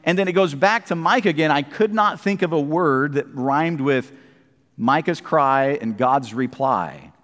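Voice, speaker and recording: A man's voice: fairly high pitch, expressive, unhurried, fairly bright tone, in a large hall. A man preaching a sermon, chatting casually between emphatic scripture readings at a church service.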